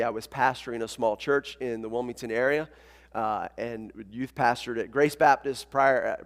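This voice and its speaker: A man preaching a sermon as pastor, talking in a conversational, energetic way and calling on the congregation to join in. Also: mid-range voice, big-room sound. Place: church sanctuary.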